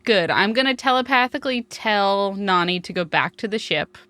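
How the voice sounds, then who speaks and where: A woman's voice: mid-range voice, animated, moderate pace, pushed and bright, dry recording. A woman playing a tabletop game, giving short, casual replies to the game master. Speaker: player.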